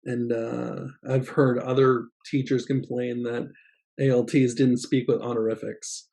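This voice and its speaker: A man's voice: mid-range voice, little pitch movement, a little slow, vocal fry, warm tone. A man giving a casual teaching vlog, rambling and hesitant, with many fillers and light laughs. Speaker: assistant language teacher trainer. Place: Japan.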